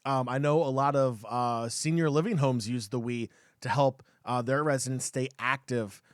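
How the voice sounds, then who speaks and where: A man co-hosting a gaming podcast, talking in an excitable, rambling way with many fillers and restarts. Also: medium pitch, normal speed, no room sound, clean studio sound. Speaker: podcast co-host. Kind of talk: casual chat.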